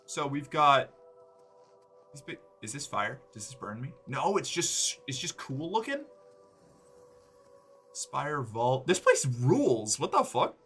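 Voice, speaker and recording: A man's voice: mid-range voice, sing-song, slow pace, pauses often, fairly bright tone, soft background music. A man in his forties chatting casually and profanely while streaming a game, rambling and cutting himself off mid-thought. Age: 40s. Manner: rambling, profane, self-interrupting. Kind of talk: casual live-stream chat while gaming.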